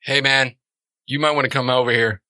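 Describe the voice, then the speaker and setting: Brief: a man putting on a terse troll in a paper hat, bright high voice, dry sound. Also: steady tone, brisk, dry recording. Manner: curt, short questions. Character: male troll in paper hat, blunt and laconic.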